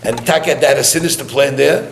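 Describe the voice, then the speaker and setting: A man's voice: mid-range voice, brisk, vocal fry. A man giving a eulogy through chatty personal stories, laughing often and sprinkling in Yiddish and Hebrew words. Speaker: eulogy speaker. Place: gathering room during mourning visits. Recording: roomy hall with faint noise.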